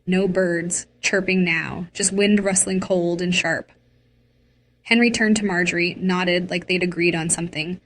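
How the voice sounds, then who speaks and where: Woman narrator for a dramatic personal story; slow and low. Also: steady tone, a bit bright, a little hiss or hum.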